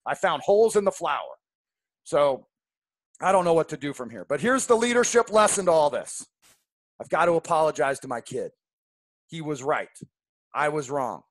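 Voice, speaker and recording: A man in his forties hosting a podcast, telling a story in a candid, animated way. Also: a little high, normal speed, long pauses, dry recording. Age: 40s. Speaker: podcast host. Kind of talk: casual storytelling monologue.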